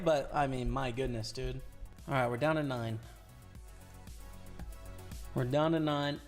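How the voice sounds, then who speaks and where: A man's voice: medium pitch, unhurried, long pauses, faint music behind. A man with a Canadian accent commentating his own poker play on a live stream, chatting casually and hyping up his viewers. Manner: casual, hyped shout-outs to chat.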